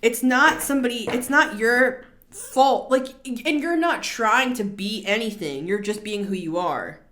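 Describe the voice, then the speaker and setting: A woman's voice: fairly high pitch, measured pace. Chatty rambling tarot reader, woman. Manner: chatty, rambling, animated asides. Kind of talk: casual tarot reading.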